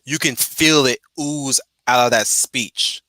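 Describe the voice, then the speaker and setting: Male host, bright forceful tone, dry close sound, casual stream talk full of restarts and repeated words. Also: mid-range voice, slow pace, dry recording.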